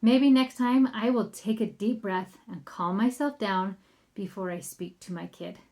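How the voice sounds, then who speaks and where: A woman's voice: medium pitch, a little slow, a little mellow. Chatty woman parenting coach. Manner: upbeat, chatty, addresses listeners as friends. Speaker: parenting coach and podcast host. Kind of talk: solo podcast talk.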